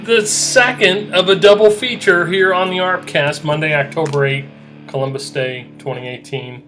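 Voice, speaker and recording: Man, podcast host, rambling monologue, repetitive, excitable, slightly higher voice, faint guitar behind. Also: normal speed. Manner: excitable, repetitive, self-deprecating.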